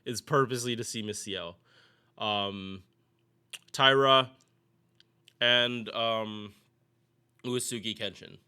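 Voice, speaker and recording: Casual male gaming streamer, bright and clear voice, loose rambling delivery. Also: fairly low pitch, fairly even intonation, slow, pauses often. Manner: rambling, restarts, chatty with viewers. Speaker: gaming YouTuber. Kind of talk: casual game commentary.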